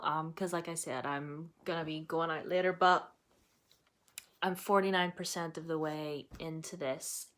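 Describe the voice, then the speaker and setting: Chatty, excitable young woman vlogger. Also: on the low side. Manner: chatty and excitable, with laughs and fillers. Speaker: book vlogger. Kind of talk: casual reading vlog chat.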